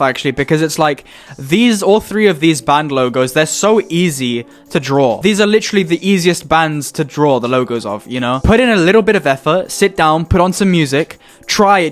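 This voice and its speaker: A young man hosting a casual reaction video, swearing a lot, mocking what he sees and laughing often. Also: fairly high pitch.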